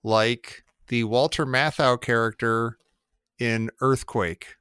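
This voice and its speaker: A man's voice: mid-range voice, slow pace, smooth, dry recording, clean studio sound. A man co-hosting a casual podcast chat, rambling and cutting himself off as he talks. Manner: rambling, self-interrupting, animated. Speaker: podcast co-host.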